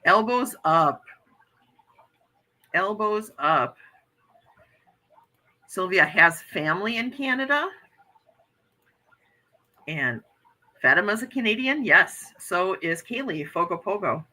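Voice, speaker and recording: A woman's voice: mid-range voice, very animated, slow pace, pauses often, sharp tone, low-quality recording. An American woman hosting a casual livestream chat, talking earnestly and reading viewer comments aloud. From United States.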